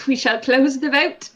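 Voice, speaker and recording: A woman's voice: high voice, a bit bright, dull audio. A woman streamer reading game events aloud with a playful, giggly manner.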